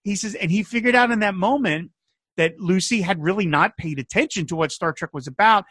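A man hosting a casual podcast chat, telling an anecdote with lively acted-out quotes. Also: high voice, fairly quick, husky, no room sound, studio quality. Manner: animated storyteller, acts out quotes. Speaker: podcast host.

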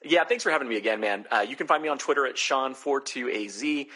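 A man's voice: mid-range voice, fast, slightly rough. A man from Southern New Jersey, a podcast guest who tells stories casually and laughs easily. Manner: laughing storyteller, relaxed. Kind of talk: casual chat.

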